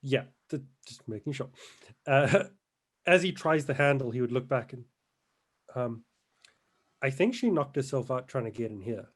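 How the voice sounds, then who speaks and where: A man playing in a tabletop game, slow and hesitant when describing his character's actions. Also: medium pitch, animated. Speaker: player. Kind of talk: tabletop role-play.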